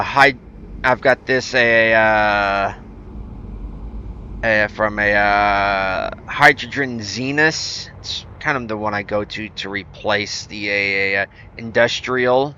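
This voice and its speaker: A male game streamer talks loosely to his viewers, wandering through thoughts with frequent restarts and fillers. His voice is bright and forward with a smooth, clean tone. He is easygoing and pokes fun at himself. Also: medium pitch. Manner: rambling, with many fillers and restarts; easygoing and self-deprecating. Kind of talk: casual gameplay commentary answering chat.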